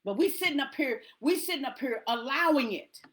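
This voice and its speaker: A woman's voice: high voice, animated, fairly quick. A woman preaching to a congregation in an emphatic, repetitive rallying cadence.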